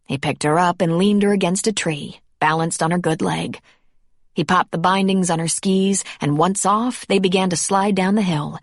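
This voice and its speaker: A woman narrates a romance audiobook in a measured, scripted way. Her voice is low for a woman, and the recording is dry and close. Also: dry recording.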